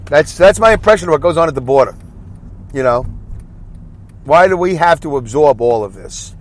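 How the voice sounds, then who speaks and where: A man's voice: fairly high pitch, normal speed, pauses often. A man hosting his own podcast, rambling through a comedic monologue with lots of restarts. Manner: animated, rambling, prone to restarts. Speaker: podcast host.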